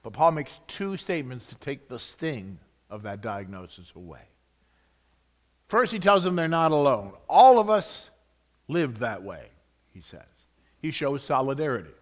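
Dramatic preacher man, loud then hushed. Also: mid-range voice, very animated, a little slow. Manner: dramatic shifts between loud emphasis and hushed whispers; reads scripture with rising emphasis on each "and". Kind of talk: sermon.

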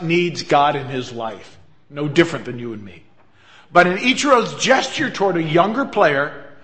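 A man's voice: a little high, a bit bright. A man preaching a sermon, telling a story in an earnest way. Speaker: pastor.

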